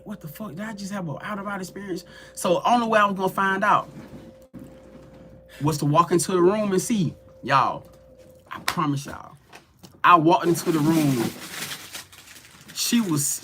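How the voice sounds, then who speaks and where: Lively, bright-voiced man telling a story. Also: sits high, slight background noise. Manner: animated, profane, addresses viewers as y'all. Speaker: tarot reader and livestream host. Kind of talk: casual storytelling on a livestream.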